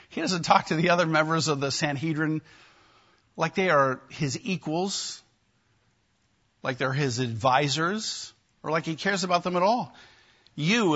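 A man preaching a sermon, emphatic and animated, with wry asides to his listeners. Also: fairly high pitch, lo-fi sound. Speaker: pastor.

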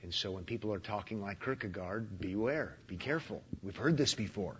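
A man with a fairly low voice talks bluntly and thinks aloud in an interview, dropping in dry humor. The recording sounds muffled, with a faint hiss underneath. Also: brisk. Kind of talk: conversational radio interview.

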